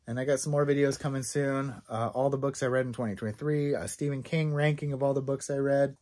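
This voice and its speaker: An excited man talks through his monthly reading in a casual vlog, tripping over his words and filling pauses with "um." His voice sits at an ordinary middle pitch. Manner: enthusiastic, rambling, many fillers and restarts. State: out of breath, sore throat. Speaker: book reviewer. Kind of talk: casual book review vlog.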